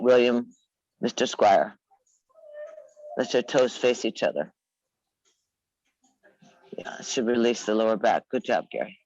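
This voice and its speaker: A woman teaching a live yoga class, giving unhurried, coaxing cues and teasing her students by name. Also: very deep voice, lively intonation, a little mellow, dry recording, lo-fi sound. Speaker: yoga instructor.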